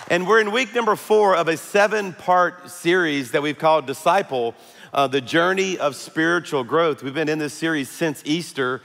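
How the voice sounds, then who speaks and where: Pastor preaching in a big hall. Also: male voice, fairly high pitch, moderate pace, creaky, a bit bright, a faint crowd. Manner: earnest, conversational preaching with frequent "uh" fillers. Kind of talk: sermon. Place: large church auditorium.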